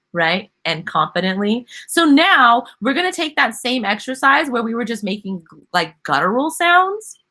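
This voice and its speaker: A woman teaching a live online singing class, upbeat and quick to laugh, stopping to sing demonstration notes. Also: medium pitch, bright, forceful tone.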